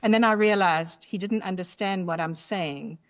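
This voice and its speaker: A woman with a South African accent, a guest telling lively anecdotes in conversation, with emphatic lists and occasional laughter. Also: lowish voice, normal speed. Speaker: guest author. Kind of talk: conversational storytelling.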